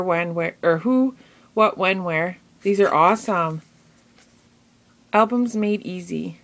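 A woman chatting casually as she opens crafting mail, gushing and excitable, full of fillers. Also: mid-range voice, poor audio. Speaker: craft vlogger; mother. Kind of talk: casual unboxing chat.

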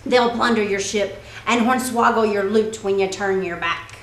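A man's voice: sits high, moderate pace, fairly bright tone, reverberant, a little hiss or hum, poor audio. A man reading aloud and voicing a boy playing a bold pirate, in mock-pirate slang. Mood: swaggering.

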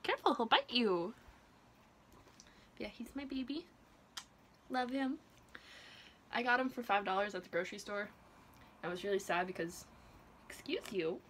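A woman's voice: medium pitch, moderate pace, pauses often, a bit bright, slight background noise. A young woman chatting casually in a home vlog, playful and gushing, baby-talking to her pets. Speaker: vlogger.

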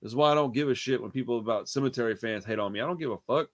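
A man hosting a music reaction channel, talking casually in a profane, excitable, slangy way. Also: medium pitch, rapid-fire, dry recording, studio quality.

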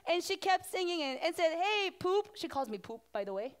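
High-voiced woman pastor talking to kids. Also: quick pace, slight background noise. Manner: animated, asks the children questions. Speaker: children's pastor. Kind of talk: children's sermon.

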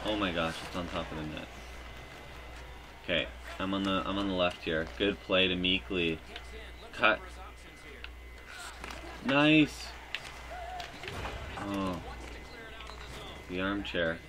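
A man giving live commentary over his own hockey video game, joking and breaking into loud cheers at big plays. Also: sits low, takes it slowly, pauses often, background noise. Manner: excitable, jokey, bursts into loud cheers. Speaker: gaming YouTuber.

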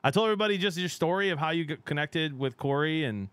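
A middle-aged game streamer chats casually with his viewers, his voice fairly high, fast and smooth with no echo. He's chatty and excitable, laughing often and letting sentences trail off.

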